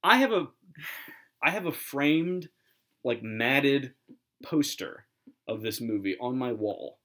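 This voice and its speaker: A man's voice: mid-range voice, lively intonation, takes it slowly, a bit bright. A man in his thirties co-hosting a podcast, chatting casually about a film and rambling with lots of fillers and restarts. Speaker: podcast co-host. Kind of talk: casual movie review chat.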